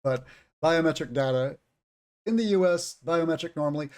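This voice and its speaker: A man's voice: a little high, moderate pace, a little mellow. A man interviewing a guest and explaining terms for an audience of learners, thinking aloud as he goes. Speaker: interviewer and English teacher. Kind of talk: conversational interview for language learners.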